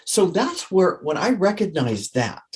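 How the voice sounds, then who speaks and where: A man, a guest author and coach, giving energetic conversational interview answers and acting out his own inner thoughts. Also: high-pitched, a little slow.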